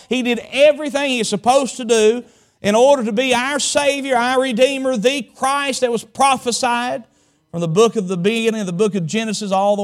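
Preacher guy, high voice, draws out big words, folksy stories. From Southwest Virginia. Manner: dramatic preaching, slows and stretches key words, tells folksy stories. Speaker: pastor. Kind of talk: sermon.

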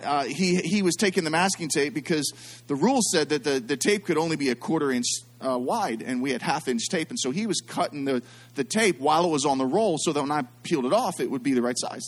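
A middle-aged man with a notably high voice gives a storytelling sermon. He's animated, cracking self-deprecating jokes and making frequent asides to the congregation.

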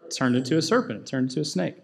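A man's voice: mid-range voice, lively intonation, very fast, creaky, darkish tone. A man preaching a sermon in a conversational way, asking the congregation questions and joking with them. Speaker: pastor.

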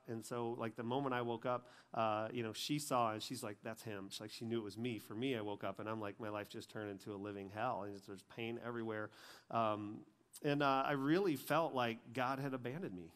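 Earnest man giving a sermon testimony, mid-pitched, emotional, halting. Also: a bit bright, clean tone. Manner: emotional, earnest storytelling with many fillers and restarts. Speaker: speaker sharing testimony.

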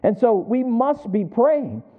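A man's voice: very high voice, sing-song, slow pace. A man preaching a sermon to his congregation, asking them questions and waiting for answers back. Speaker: pastor. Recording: tinny phone-like sound.

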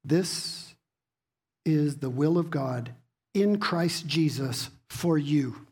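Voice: mid-range voice, drawn-out words, darkish tone, slightly rough. A preacher giving a sermon to a congregation, reading scripture and asking rhetorical questions. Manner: teaching, rhetorical questions, repeats words; reads scripture aloud to a congregation.

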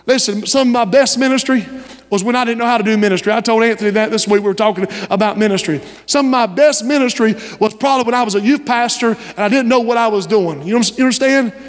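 A man pastor delivering an impassioned sermon, rising to shouts and dropping to hushed pleas. His voice sits high for a man. Long reverb from a large church sanctuary trails every phrase. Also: quick pace. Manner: impassioned preaching, shifting between shouts and hushed lines.

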